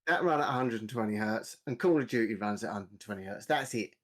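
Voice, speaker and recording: A man's voice: fairly low pitch, fast talker, fairly bright tone. A man, grumbling bluntly and swearing freely in casual podcast chat. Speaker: podcast co-host.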